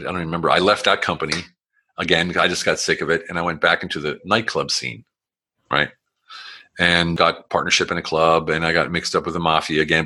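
He has a rumbling low, husky voice with a sharp tone. As a guest in his forties sharing his life story, he wanders through casual, blunt talk laced with swearing, keeps restarting and using fillers, and acts out quotes.

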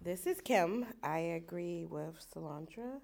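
A woman shares her thoughts in a casual group discussion with a bubbly, eager manner. Her voice sits a little low, and she takes her time with each phrase. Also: lively intonation, a little slow, gravelly, a little mellow.

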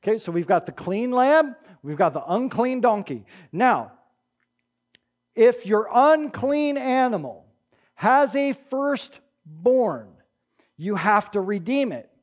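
Guy preaching a sermon, kinda high voice, keeps asking the room if theyre with him, slightly muffled audio. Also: very animated, takes it slowly. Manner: conversational, often checks in with the congregation; emphatic, acts out quotes with raised voice. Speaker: pastor.

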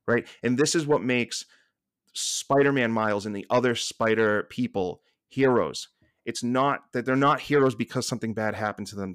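A man with a Boston accent, a podcast guest talking with passion and many quick restarts. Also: mid-range voice, no echo, clean studio sound. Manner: passionate, fast restarts and repeated words. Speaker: podcast guest, staff writer. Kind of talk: casual podcast chat.

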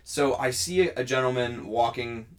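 A man's voice: medium pitch, moderate pace. A man co-hosting a podcast, casually telling a long story and acting out the other people's lines. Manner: animated storyteller acting out dialogue. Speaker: podcast co-host.

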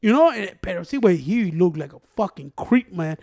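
A man talks fast in a casual chat, his pitch swinging widely as he tells stories. His delivery is profane and teasing, full of mocking retellings. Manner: profane, teasing, animated storytelling.

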